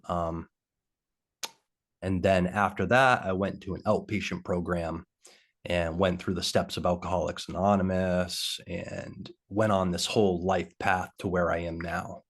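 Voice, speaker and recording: A man with a very deep voice tells his own story as a guest on a video call. His speech is halting and full of pauses and fillers. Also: little pitch movement. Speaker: interview guest.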